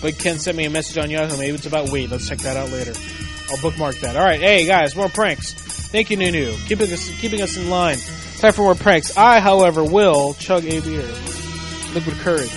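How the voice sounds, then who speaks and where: A man's voice: on the high side, fairly quick, over music. A man hosting a casual late-night show, rambling and telling stories in a laid-back way. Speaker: show host.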